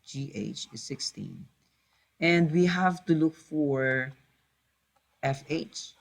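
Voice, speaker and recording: Slow, hesitant male math teacher. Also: mid-range voice, animated, creaky. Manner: hesitant, many fillers and self-corrections; patient, repeats key points. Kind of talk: recorded math lesson.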